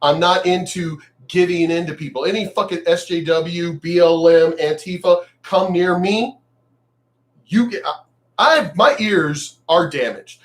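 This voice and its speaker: Blunt, profane ranting man, fairly high voice. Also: a little slow. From United States. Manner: blunt, profane and animated, swings loud and quiet. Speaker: vlogger. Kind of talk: ranting commentary vlog.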